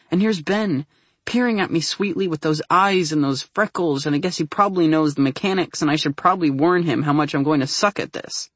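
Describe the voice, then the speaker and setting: A man's voice: fairly high pitch, fairly quick, a bit bright, no echo. Man narrating an anxious first-person story. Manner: intimate, anxious inner monologue, rising into flustered rambling. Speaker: audiobook narrator.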